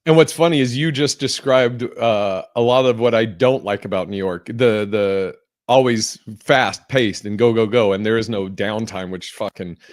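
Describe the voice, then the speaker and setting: A man's voice: fairly low pitch, normal speed, no echo. Dry-sounding man rambling casually. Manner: rambling, filler-heavy, swears casually. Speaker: podcast host. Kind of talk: casual podcast chat.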